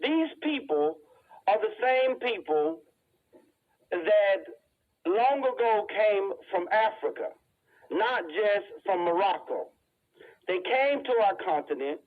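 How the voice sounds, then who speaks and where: Casting: blunt, lecturing man with a fairly high voice, on a tinny, phone-like recording. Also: animated, slow pace, pauses often. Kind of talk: casual monologue.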